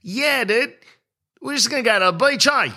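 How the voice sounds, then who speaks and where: Bland young beach blokes drawl back and forth in a lazy, noncommittal way, as a man with an Australian accent puts them on. The voice sits well above his own, flat and unbothered. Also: extremely high pitch, moderate pace, voice pushed up, heavily acted.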